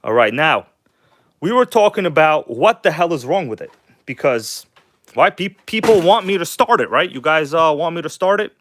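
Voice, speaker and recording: Rambling casually to his live stream audience, a man speaks with enthusiasm and bluntness, swears offhandedly, and addresses everyone as "guys." His ordinary middle-pitched, fairly bright voice swings widely in pitch at a moderate pace, recorded dry and close with no room echo.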